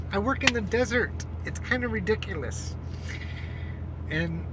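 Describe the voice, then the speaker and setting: A woman talking to a handheld camera from her car, in a slow, unhurried, rambling way. She chats loosely and laughs a lot. Steady engine noise hums clearly under her voice. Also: medium pitch. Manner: rambling, chatty, laughs often. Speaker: vlogger. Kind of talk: casual chat to camera. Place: inside a car.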